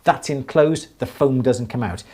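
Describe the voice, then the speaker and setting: A man's voice: mid-range voice, measured pace, darkish tone. A man hosting a live jewellery Q&A, explaining techniques enthusiastically and with many restarts. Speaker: jewellery teacher, show host. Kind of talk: live Q&A stream.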